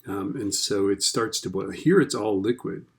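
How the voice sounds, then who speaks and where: A man with a lowish voice teaches a recorded lesson at a moderate pace. His style is chatty and casual, and he keeps checking in with "right?"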